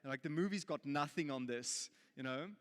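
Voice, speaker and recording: A man's voice: on the high side, normal speed, in a large hall, close to an everyday voice. A man with a South African accent playing a sulky, self-righteous male prophet who talks in a whiny, indignant way, in a sermon. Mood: smug.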